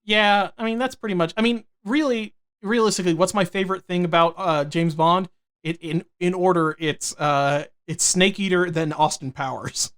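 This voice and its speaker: Young male podcast co-host, high voice, rambling and profane banter. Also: normal speed, fairly bright tone, smooth. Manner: rambling, profane, jokey with filler restarts. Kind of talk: casual chat.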